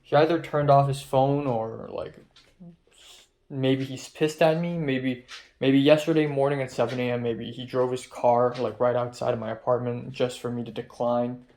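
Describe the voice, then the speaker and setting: A man's voice: mid-range voice, fairly even intonation, normal speed, darkish tone. Agitated young man ranting. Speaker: vlogger. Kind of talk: confessional video diary. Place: his apartment, indoors.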